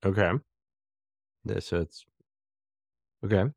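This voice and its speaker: A man's voice: low-pitched, flat delivery, slow, creaky, darkish tone, no room sound, clean studio sound. A man, a podcast guest, chatting in a laid-back, wry way with hesitant restarts. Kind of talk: casual podcast chat.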